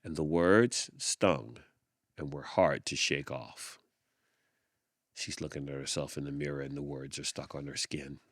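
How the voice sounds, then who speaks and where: A man hosting a podcast, reading a picture book aloud with expressive storytelling and thoughtful hums. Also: rumbling low, a little slow, dry recording, studio quality. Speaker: podcast host.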